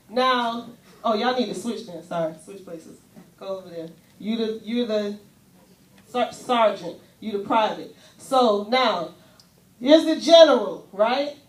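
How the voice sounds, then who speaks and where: A woman preacher with a higher voice gives an animated, chatty sermon with volunteers on stage, adding casual asides. She is miked from a distance in a roomy, echoey church.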